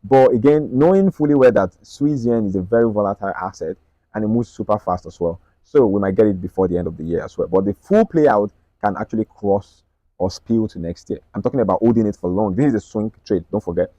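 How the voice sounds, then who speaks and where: A man walking viewers through his market analysis on screen, talking quickly and checking in with them often. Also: lowish voice, mellow, dry recording, muffled recording. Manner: rapid, repetitive, checks in with "right?" and "okay?". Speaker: trading analyst.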